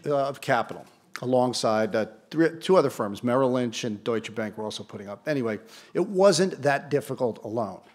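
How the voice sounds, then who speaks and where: Older man telling a lively story. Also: mid-range voice. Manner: animated storyteller with dry self-deprecating asides. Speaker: award ceremony speaker. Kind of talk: anecdotal speech to an audience. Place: event hall before an audience.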